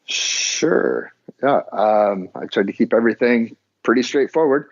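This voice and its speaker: A man's voice: medium pitch, expressive, measured pace. A man guesting on a podcast, talking casually in a loose, rambling way full of restarts and fillers. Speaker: podcast guest, business owner. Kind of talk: casual conversation. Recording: dull lo-fi audio.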